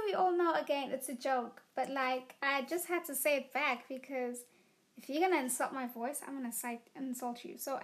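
A teenage girl, telling funny stories in a casual solo podcast, chatty and giggly, full of "like" and "you know". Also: high voice. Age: teens. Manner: giggly and animated. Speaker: podcast host. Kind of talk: casual storytelling monologue.

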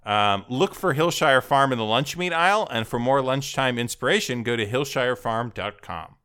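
A man's voice: mid-range voice, lively intonation, normal speed, sharp tone, clean tone. A man co-hosting a comedy podcast, riffing sarcastically in casual chat and slipping into mock ad voices. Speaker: podcast co-host.

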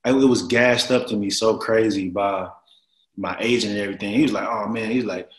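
A man in his thirties telling a story in casual chat, animated and full of slang and fillers. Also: lowish voice, a little fast. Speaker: guest. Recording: roomy echo.

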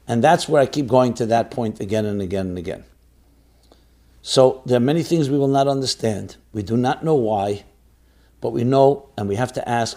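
An earnest rabbi, a man at a middling pitch, gives religious guidance on his own question-and-answer show. He presses his points by repeating key phrases and drops Hebrew and Yiddish terms into his speech. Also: moderate pace, mellow.

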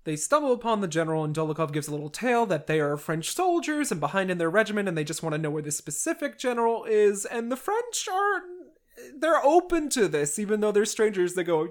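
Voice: mid-range voice, big pitch swings, fairly quick. A podcast host giving a casual, wry recap of a classic novel, with sarcastic asides aimed at the characters.

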